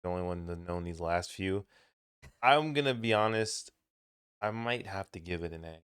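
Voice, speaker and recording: Young man, podcast co-host, casual chat, laid-back, swears freely, low voice, smooth tone. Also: normal speed, a bit bright.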